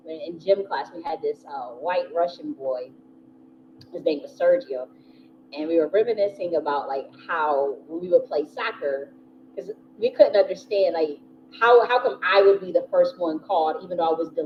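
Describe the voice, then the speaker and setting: Woman just chatting and telling a story, laughs a lot, says "you know" constantly, bit of a dull recording with faint hiss. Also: fairly low pitch. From United States. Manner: chatty, laughs often, many "you know" fillers, swears freely. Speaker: spiritual teacher and channel host. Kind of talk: casual rambling storytelling.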